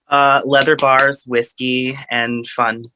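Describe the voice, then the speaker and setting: A man from Florida, a podcast guest who talks in an unhurried, drawn-out casual way. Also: medium pitch, little pitch movement, bright, forceful tone, slight background noise.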